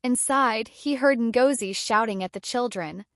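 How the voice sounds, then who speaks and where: A woman narrating a dramatic folktale in a steady storytelling manner. Her voice sits fairly high. The sound is close and dry, with no room echo. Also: measured pace, few pauses.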